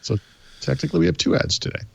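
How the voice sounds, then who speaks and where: A man's voice: a little high, rapid-fire, creaky, a little hiss or hum. A man with a Boston accent, co-hosting a tech podcast in easygoing, wry casual chat with many ums. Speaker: podcast co-host.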